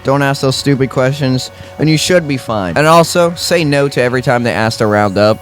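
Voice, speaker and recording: A man's voice: medium pitch, brisk, soft background music. A young man, a grocery store worker, rants to the camera in a casual, profane, sarcastic and rambling way. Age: young adult.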